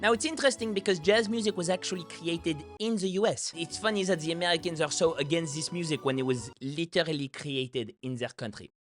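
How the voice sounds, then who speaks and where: Brief: young Frenchman with French accent, playful reaction host, slightly high voice, faint music under him. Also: a little fast, few pauses, fairly bright tone. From France. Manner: chatty, playful, explains pronunciation. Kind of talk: casual commentary.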